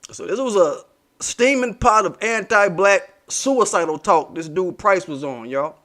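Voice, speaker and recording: A man with a fairly high voice and delivers a heated commentary monologue. He leans on street slang and profanity, repeating himself for emphasis as he rants to his audience. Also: animated, unhurried, a bit bright. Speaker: commentary channel host.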